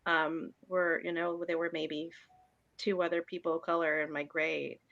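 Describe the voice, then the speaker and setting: A woman's voice: sits low, level tone, normal speed, vocal fry, fairly bright tone, dry recording. A woman from upstate New York talks in a casual, rambling way with plenty of fillers. Her voice comes through dry and a little muffled, like audio from an online call. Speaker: author on a panel. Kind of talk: casual panel discussion.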